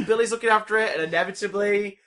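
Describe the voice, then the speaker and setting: A man's voice: high voice, fairly quick, gravelly. A man chatting casually, retelling a film with lots of energy and swearing now and then. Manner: animated retelling, acts out scenes, swears casually. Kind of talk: casual chat.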